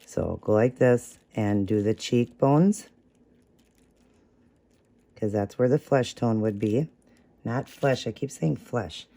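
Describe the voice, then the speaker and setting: A man's voice: lowish voice, vocal fry, mellow, husky. Chatty man walking through a craft. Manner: chatty, talks while working, corrects own slips. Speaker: craft tutorial host. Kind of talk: casual step-by-step tutorial.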